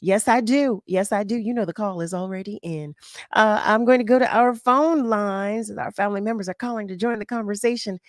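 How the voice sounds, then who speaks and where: A woman hosting a live call-in radio talk show, excited, exclaiming and repeating herself as she reads out listener messages. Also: medium pitch, a little fast, no room sound, studio quality.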